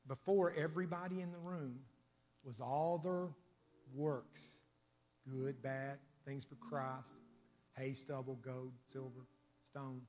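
A man preaching a sermon in a church, with emphatic, rhythmic repetition that swings from loud declarations to hushed asides. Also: medium pitch. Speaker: pastor. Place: church sanctuary. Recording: long church reverb.

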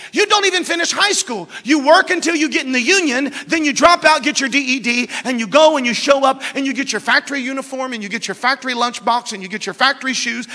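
Man, preacher, sermon storytelling that rises to shouting, very high, piercing bright. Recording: long reverb of a hall.

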